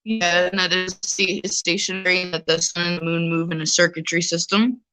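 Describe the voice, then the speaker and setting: A woman from New York City chatting casually as a caller, rambling and animated. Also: fairly low pitch, brisk. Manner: rambling, animated, acts out other people's voices. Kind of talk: casual chat.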